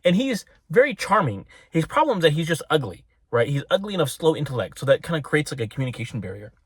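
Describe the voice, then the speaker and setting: A man's voice: on the high side, sing-song, quick pace, breathy edge, no echo, clean studio sound. A man giving a casual spiritual talk to his viewers, rambling and breaking off into tangents, often with little laughs. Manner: rambling, self-interrupting, laughs at own tangents. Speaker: religious video maker.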